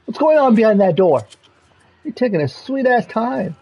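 A man streaming a video game, swearing, yelling and pleading at the screen in frustration. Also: sits high, big pitch swings, normal speed, lo-fi sound, slight background noise. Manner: profane, yells and pleads at the game. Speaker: gamer streamer. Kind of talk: live gameplay commentary.

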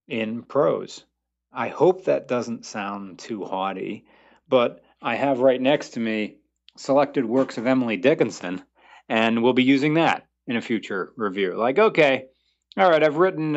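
A man guesting on a podcast as a car reviewer, chatting casually and rambling, often correcting himself mid-sentence. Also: mid-range voice. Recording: dull lo-fi audio.

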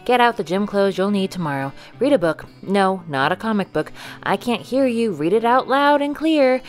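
A woman voicing a strict father who fires off brisk, nagging orders to his child. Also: medium pitch, animated, soft background music, close to an everyday voice. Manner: brisk rapid-fire commands.

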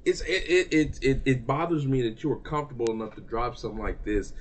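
A man's voice: mid-range voice, fast. A man giving a heated, profane rant to camera about a music release, repeating himself for emphasis. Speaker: music reaction vlogger.

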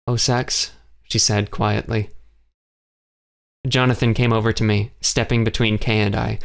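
A man's voice: fairly low pitch, clean tone. Man narrating an audiobook. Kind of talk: first-person audiobook narration.

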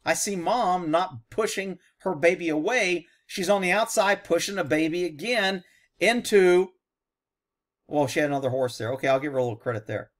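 A man's voice: high voice, normal speed. A man, a horse trainer, giving blunt, sarcastic reaction commentary over a video.

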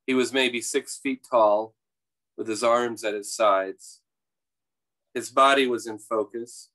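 Slow-paced man reading his novel aloud. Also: medium pitch, fairly bright tone, poor audio. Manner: halting, many fillers and restarts before reading. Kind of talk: live public reading. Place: public library event.

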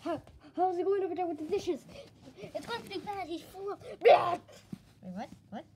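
A woman performing a playful toy skit, excitably switching between character voices. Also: very high-pitched, normal speed, heavy background noise.

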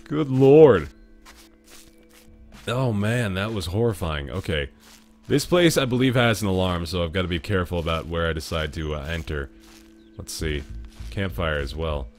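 Excitable male gamer, lowish voice. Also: normal speed, faint music behind. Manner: excitable, jumps from muttering to loud yelps and laughs. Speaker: gaming video host. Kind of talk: let's-play commentary.

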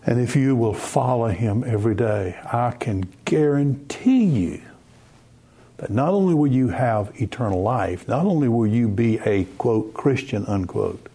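A man preaching a broadcast sermon, earnest, repeating words and slowing down to stress his points. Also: mid-range voice, expressive, mellow, slightly rough. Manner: earnest, repeats words, slow emphatic phrasing.

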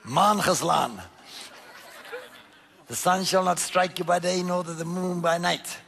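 A male preacher delivers a sermon in a somewhat high, gravelly voice. He reads scripture aloud and comments on it. He swings between loud, emphatic declarations and quiet, low asides. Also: completely flat delivery, moderate pace.

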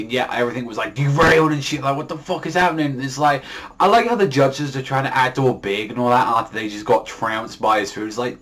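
Man, mid-pitched, casual comic reviewer, slangy and profane, rambling delivery. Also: fast, fairly bright tone. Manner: loose, profane, filler-heavy slang. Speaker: manga reviewer.

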